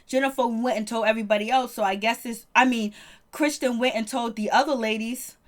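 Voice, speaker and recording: A woman with a slightly high voice talks through a reality TV episode like she's gossiping with a friend. Her delivery is loose, slangy and lively, with easy laughter running through it. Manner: animated, slangy, quick to laugh. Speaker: reality TV reviewer. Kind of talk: casual recap commentary.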